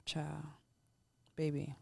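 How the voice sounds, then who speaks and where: A woman co-hosting a podcast, telling stories in a blunt, animated way and laughing often. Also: deep voice, drawn-out words, creaky, slightly rough. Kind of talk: casual chat.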